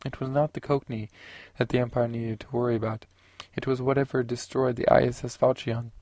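A man narrating a science fiction audiobook in a steady, unhurried way. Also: medium pitch, no echo.

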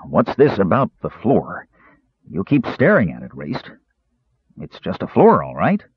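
Here is a big, blunt warrior, as a male narrator puts him on, gruff and plain-spoken, with a deep, husky voice. He sounds simple and direct. The recording is dull and lo-fi. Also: wildly swooping pitch, measured pace, no room sound, exaggerated voice.

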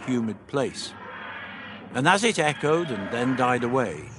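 A man's voice: medium pitch, a bit bright, a little hiss or hum. A man reading a story aloud as an audiobook narrator. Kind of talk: scripted narration.

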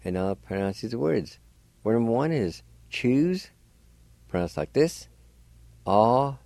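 A man's voice: mid-range voice, sing-song, a little slow, gravelly, dark tone, no echo. A man teaching language on the radio, patiently spelling out and pronouncing words letter by letter. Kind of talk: slow spelling and pronunciation lesson.

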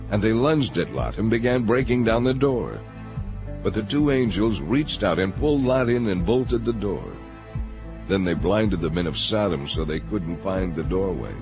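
A man reading scripture aloud in a measured, steady narration. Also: fairly low pitch. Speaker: scripture reader. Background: faint music.

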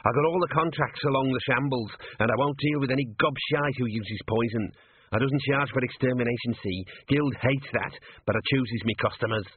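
A man voicing a tiny, belligerent male gnome ratcatcher with rough, ungrammatical speech in a storybook reading. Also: mid-range voice, a little fast, a little hiss or hum, close to an everyday voice. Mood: cocky. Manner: combative, rough working-class grammar. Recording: tinny lo-fi narrow-band audio.

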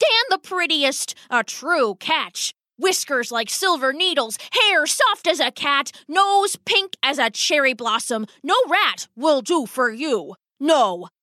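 A woman's voice: sits high, bright, forceful tone, dry recording, studio quality, voice pushed up, heavily acted. A woman voicing an old, pompous, dramatic male rat father in a storybook tale, blustering and theatrical.

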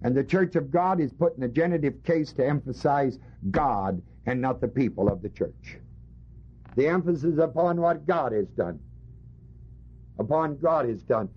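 Husky-voiced male preacher teaching scripture. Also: medium pitch, lively intonation, normal speed. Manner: emphatic teaching with rhetorical questions to the congregation. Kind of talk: sermon. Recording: dull lo-fi recording.

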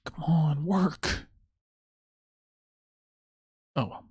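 A man with a slightly high, husky voice of darkish tone speaks at a slow pace, hosting his own stream. He delivers casual solo commentary, mockingly and sarcastically ranting about a clip he just played. The recording is dry and studio quality.

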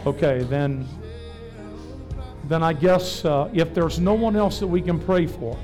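A man, pastoring a revival service, preaching fervently and then dropping to soft personal asides during altar prayer. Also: a little high, measured pace, pauses often, faint music behind. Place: church sanctuary.

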